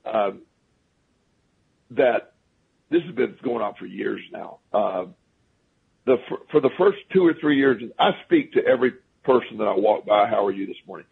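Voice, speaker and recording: Husky man telling stories over a phone line. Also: on the low side, expressive, normal speed, long pauses. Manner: rambling, restarts often, chuckles at his own stories. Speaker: guest. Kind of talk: casual storytelling on a talk radio show. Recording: phone-line radio call.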